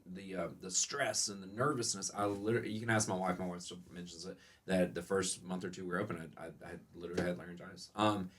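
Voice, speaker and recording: A man who owns a restaurant, telling stories as a guest in a casual podcast interview. He talks a lot, in a lively way, and laughs often. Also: low-pitched, fast talker, a little hiss or hum. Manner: animated, laughing, self-described talker.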